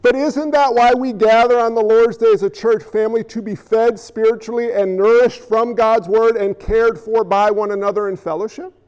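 A pastor preaching a sermon in a conversational style, firing off rhetorical questions and pausing for effect. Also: male voice, sits high, fairly even intonation, darkish tone, clean tone, muffled recording. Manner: conversational, asks rhetorical questions, dramatic pauses. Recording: long reverb in a large hall.

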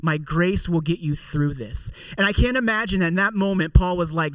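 A pastor delivers a sermon in an easygoing, conversational tone and slips in wry jokes. His voice sits somewhat high for a man. It sounds dry and a bit distant from the mic. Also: moderate pace, fairly bright tone, dry recording. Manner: conversational preaching with joking asides.

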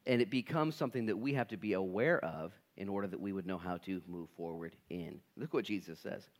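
A male pastor preaching a sermon in a church, casual and animated, acting out quoted dialogue with slang like "dude" and "man.". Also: low-pitched, fairly quick. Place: church sanctuary.

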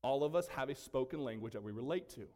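This pastor talks at a quick, animated clip, with a mid-range voice that is a little mellow. He delivers an emphatic sermon full of rhetorical questions for his congregation, and the sanctuary's long reverb trails behind his words.

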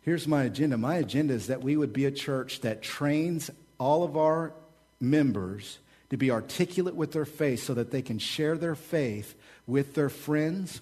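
Male pastor, sermon delivery, mid-pitched voice, energetic, repetitive rhetorical style.

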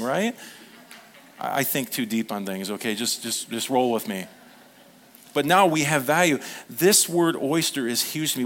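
Male pastor, sermon delivery, earnest and animated, slips into playful quoted voices. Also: mid-range voice. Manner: earnest, gets emotional.

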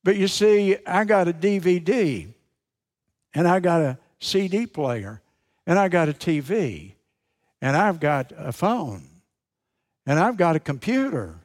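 A male pastor preaching a sermon with emphatic, dramatic pauses, repeating key phrases for effect. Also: high voice, big pitch swings.

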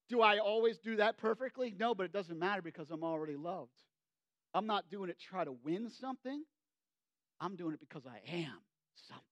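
A man preaching a sermon as pastor, swinging between loud, emphatic bursts and hushed, low asides. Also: no room sound.

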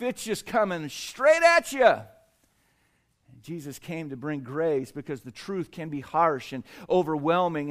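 A man preaching a sermon, building to emphatic swells with dramatic pauses and acting out voices in his stories. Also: on the high side. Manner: acts out quoted voices in a storytelling joke. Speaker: pastor.

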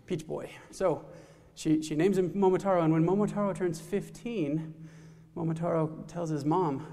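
Guy loosely retelling a folktale, gravelly voice a bit high, long hall reverb. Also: moderate pace, mellow. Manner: loose, with restarts and asides. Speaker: storyteller. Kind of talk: casual spoken folktale retelling.

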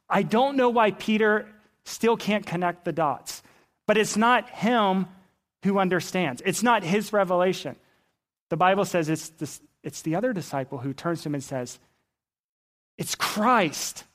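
Male pastor, mid-high voice, animated conversational sermon with acted-out quotes. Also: measured pace. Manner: animated storytelling, acting out Bible characters' lines; conversational, rhetorical questions to the congregation.

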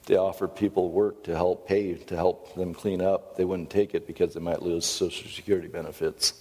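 Earnest man, deep voice, teaching in a hall. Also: flat delivery, brisk, warm tone, slightly rough. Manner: emphatic, earnest, with self-deprecating asides. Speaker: seminar speaker and counselor. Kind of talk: Christian teaching seminar.

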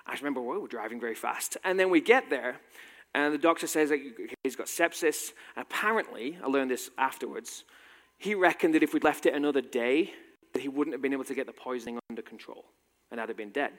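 A man's voice: mid-range voice, fast, a bit bright. A man in his thirties with a British accent with a slight American tinge, telling a personal story with wry, self-deprecating humor in a talk. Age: 30s. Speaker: speaker giving a talk. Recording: long hall reverb.

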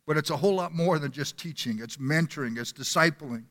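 Bright-voiced preacher in an echoing hall. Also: male voice, on the high side, fairly quick, few pauses. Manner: earnest storytelling, repeating words. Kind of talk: sermon. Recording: long hall reverb.

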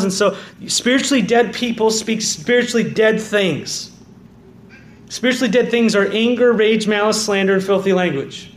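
Pastor, man, high-pitched, preaching with sudden soft drops and loud rises, echoey sanctuary with faint hiss. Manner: swings from quiet, low emphasis to loud, fervent calls of "amen". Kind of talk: sermon. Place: church sanctuary.

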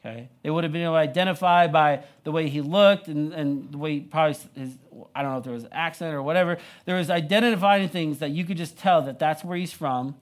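A man's voice: fairly high pitch, fast, hardly any pauses. A young man preaching a sermon, retelling the story in a casual, conversational way full of "like" and "you know". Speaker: pastor.

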